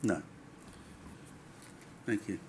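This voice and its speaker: A man's voice: extremely slow, background noise. A man serving as inquiry counsel, questioning a witness pointedly and formally.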